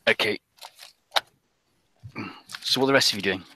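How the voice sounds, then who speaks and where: A man narrating as game master of a tabletop role-playing game, halting, with many fillers. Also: lowish voice, background noise.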